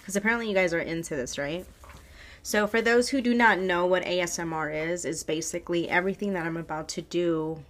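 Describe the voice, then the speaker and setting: A woman's voice: lowish voice, brisk. A woman hosting a podcast in loose, rambling casual chat, swearing freely, on a foam-covered mic. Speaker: podcast host. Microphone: podcast microphone with foam cover.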